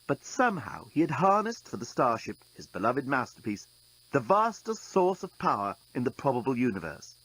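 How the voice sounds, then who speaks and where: A man's voice: mid-range voice, very animated, moderate pace, fairly bright tone, rough recording. A man narrating an audiobook in a dry, wry storytelling manner.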